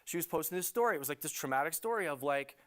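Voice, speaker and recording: A middle-aged man, a love coach, talking as a guest in a TV studio interview, animated and rambling with lots of fillers. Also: fairly high pitch, rapid-fire.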